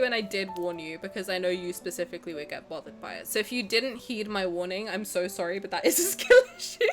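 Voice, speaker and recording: A woman's voice: medium pitch, fairly bright tone. A young woman streaming a game, chatting casually and rambling to her chat with giggles.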